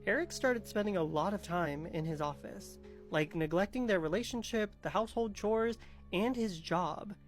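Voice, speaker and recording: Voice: mid-range voice, normal speed, faint music behind. A storyteller casually retelling a scary story in a chatty way, with many filler words.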